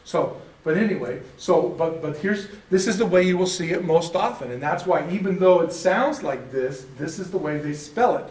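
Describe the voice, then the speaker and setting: A folksy American man leads a casual church class, wandering through his points and correcting himself as he goes. His voice sits a little high. He is picked up from a distance in an echoey room. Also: animated, normal speed, hardly any pauses, a little mellow. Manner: rambling, self-correcting, folksy. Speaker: Bible class teacher. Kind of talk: informal classroom teaching.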